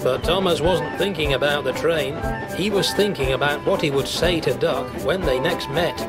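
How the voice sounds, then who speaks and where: A man's voice: fairly high pitch, moderate pace. Man narrating a storybook tale. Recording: loud background music.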